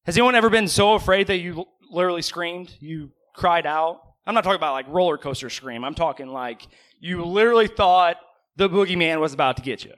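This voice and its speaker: High, bright-voiced preacher man. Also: a little fast. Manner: conversational, asks the congregation questions, joking asides. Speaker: pastor. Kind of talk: sermon. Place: church.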